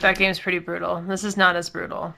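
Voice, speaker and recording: A woman's voice: on the low side, flat delivery, fairly quick, vocal fry, bright, forceful tone. A woman co-hosting a casual let's play, tossing in dry, emphatic asides. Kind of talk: casual gameplay banter.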